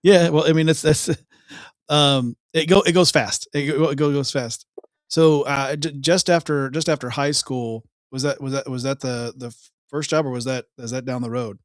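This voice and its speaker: A man's voice: mid-range voice, fairly even intonation, moderate pace, no echo, clean studio sound. A man hosting a casual interview who makes jokes and laughs easily, asking loose follow-up questions. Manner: jokey, laughs easily, brief reactions. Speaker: podcast host.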